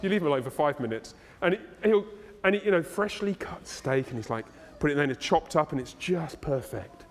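A man preaching a sermon as pastor, animated and playful as he tells the story. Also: fairly high pitch, fairly quick, few pauses. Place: church hall, live congregation. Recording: long reverb of a church hall.

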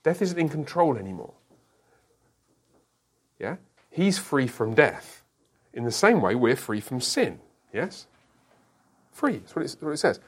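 A man teaching an interactive Bible study, asking the group questions and explaining with quick asides. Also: mid-range voice, big pitch swings, husky.

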